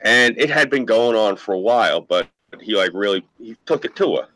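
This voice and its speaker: A man spins loose, profane stories in a relaxed chat, jumping into the voices of the people in them. His tone is bright and his pitch swings widely. The sound is dry and close. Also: normal speed, dry recording, rough recording. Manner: rambling anecdotes with profanity and acted-out quotes. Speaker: podcast co-host. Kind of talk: casual storytelling chat.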